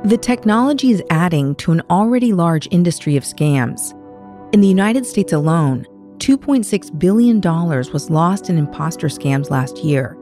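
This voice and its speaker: Lady podcast host reading news script, low-ish mellow voice, calm and measured. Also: soft background music. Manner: measured, explanatory.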